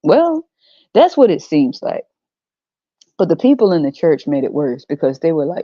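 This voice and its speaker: A woman's voice: deep voice, big pitch swings, normal speed, dark tone, no room sound, muffled recording. A woman hosting a podcast who gives blunt, sarcastic commentary in casual slang. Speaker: podcast host.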